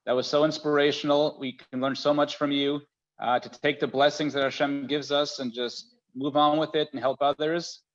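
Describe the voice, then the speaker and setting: Man, host, video call, formal thanks, wrapping up, slightly high voice, muffled audio. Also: little pitch movement, normal speed. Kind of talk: closing remarks on a video call.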